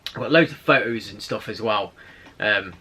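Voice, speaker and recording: A man's voice: lowish voice, normal speed, bright, forceful tone, breathy edge. A man, hosting a casual vlog and telling a rambling story, laughing now and then. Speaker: channel host.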